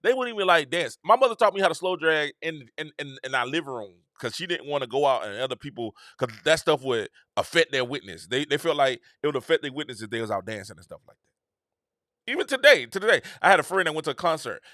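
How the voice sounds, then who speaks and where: Animated middle-aged man with lively pitch. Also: fast talker, no room sound, studio quality. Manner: animated, repetitive, preacher-like cadence. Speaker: host. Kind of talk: casual opinion monologue.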